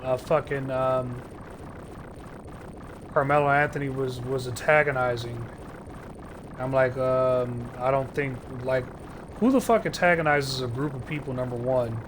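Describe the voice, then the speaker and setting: A man's voice: mid-range voice, a little hiss or hum. A man ranting sarcastically on a live stream, swearing often and stumbling through restarts. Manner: profane, heated, sarcastic ranting with frequent filler restarts.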